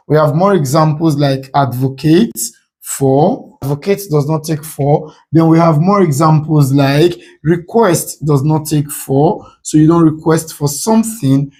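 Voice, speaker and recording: A man's voice: on the high side, a little mellow. A man from Nigeria takes students through an exam-prep grammar lesson at a patient pace. He repeats each rule several times and draws out the answer options word by word to make them stick. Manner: slows down to stress quoted options. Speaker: English teacher.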